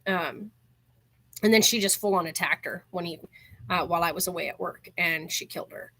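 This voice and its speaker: A channel host with a lowish, slightly bright voice talks a little fast as she shares stories in relaxed conversation. "Like" turns up again and again, and she laughs along the way.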